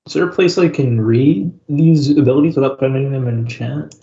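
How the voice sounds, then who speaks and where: A man's voice: mid-range voice, moderate pace, dark tone, lo-fi sound. A man playing in an online tabletop game, chatting casually and teasing the others. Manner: joking, teasing. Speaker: player. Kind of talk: casual chat between players.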